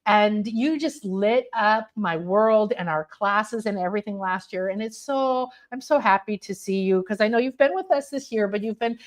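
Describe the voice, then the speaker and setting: A woman leads a live online spiritual class through a webcam, her talk loose and rambling. She speaks at an everyday middle pitch and keeps breaking into excited exclamations. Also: moderate pace, few pauses. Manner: bubbly, rambling, exclaims often. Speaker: spiritual teacher and sound healer.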